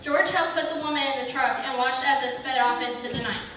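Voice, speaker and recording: A woman's voice: high-pitched, a little fast, a bit bright. A woman reading a Christmas story aloud in a church, with small slips she corrects as she goes. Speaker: reader. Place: church sanctuary. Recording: echoey hall from far off, faint hiss.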